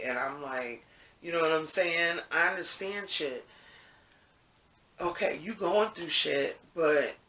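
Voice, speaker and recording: Man, casual storytime monologue, rambling, swears a lot, somewhat high voice, roomy echo. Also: pushed and bright. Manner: rambling, profane, full of "you know what I'm saying". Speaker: vlogger telling a story. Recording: echoey room, mic at a distance.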